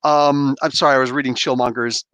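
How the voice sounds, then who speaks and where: A man's voice: medium pitch, fairly quick, clean tone, no echo. Rambling man on a livestream. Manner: rambling, animated, with many fillers and restarts. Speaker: livestream host. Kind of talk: casual livestream chat. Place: home room. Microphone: gaming headset.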